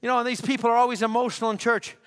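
A man preaching a sermon at a church service, emphatic and repetitive, building to shouts. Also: extremely high pitch, flat delivery, rapid-fire, smooth. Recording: church hall with long reverb.

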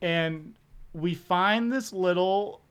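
A man tells laid-back stories as a guest in a casual chat. His voice is smooth and resonant, sitting a bit high. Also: drawn-out words, a bit bright. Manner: laid-back anecdotal storyteller.

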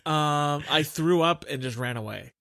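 Male podcast co-host, slightly high voice, halting, sheepish storytelling. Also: creaky, very noisy. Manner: halting, self-deprecating, with nervous laughs. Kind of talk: casual storytelling.

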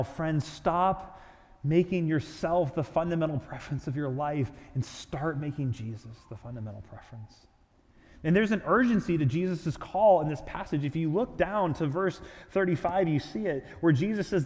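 A man's voice: a little high, expressive, normal speed, a little mellow. A man preaching a sermon as a pastor in a casual, conversational way, often repeating phrases. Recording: long reverb of a large hall.

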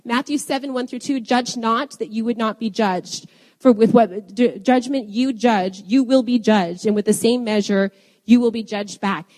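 A woman's voice: on the high side, moderate pace, darkish tone. A woman preaching a sermon, telling a personal story and then quoting scripture with rising emphasis. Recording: long hall reverb.

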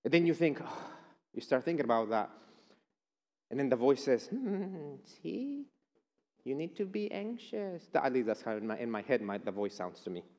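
A man's voice: mid-range voice, fairly quick, a little mellow, long reverb tail. A man preaching a chapel sermon, emphatic and declaring. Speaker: chapel speaker.

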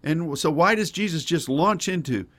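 A man's voice: a little high, lively intonation, moderate pace, a bit bright. A male pastor preaching a sermon in a folksy, digressive way with wry asides.

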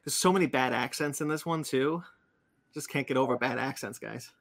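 A man's voice: medium pitch, a little fast. A man hosting a casual podcast chat, rambling with many fillers and restarts. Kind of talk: casual chat about comics and cartoons.

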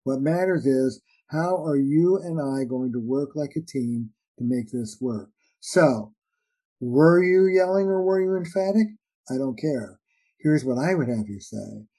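A man's voice: mid-range voice, measured pace, breathy edge, poor audio. A man, a relationship therapist and author, explaining his ideas in conversation and acting out little dialogues. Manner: animated, acts out little dialogues with shifting voices. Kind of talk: conversational interview answers.

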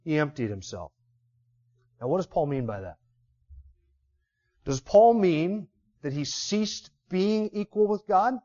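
A man's voice: on the high side, animated, slow pace, long pauses, dark tone, highs cut off. A man preaching an expository sermon as pastor, teaching emphatically through rhetorical questions.

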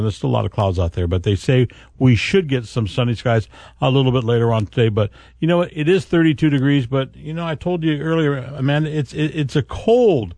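A man's voice: medium pitch, a little fast, darkish tone, no echo. A man hosting a radio show from a studio, folksy and rambling in casual chat. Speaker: radio host. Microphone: studio microphone.

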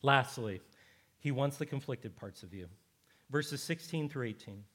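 A man's voice: mid-range voice, expressive, unhurried, a bit bright. A middle-aged male pastor preaching a sermon, conversational and emphatic, with repeated phrases for stress.

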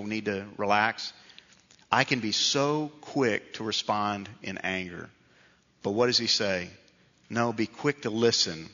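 In a dull, reverberant hall, a middle-aged pastor preaches with a pushed, bright, mid-range voice. His sermon unfolds as conversational, self-deprecating storytelling.

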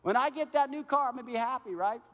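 High-voiced preacher in a reverberant hall. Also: male voice, quick pace. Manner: energetic, conversational preaching with acted-out dialogue. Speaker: pastor. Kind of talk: sermon. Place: church auditorium.

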